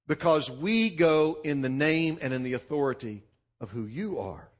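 A man's voice: on the high side, expressive, normal speed. A male pastor preaching a sermon to a congregation with emphatic, punchy delivery and repeated lists.

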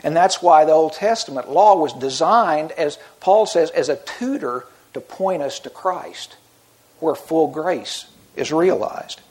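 A middle-aged pastor preaches a sermon in an earnest, conversational way, often restarting his sentences. His voice is on the high side, expressive, unhurried, and a little mellow.

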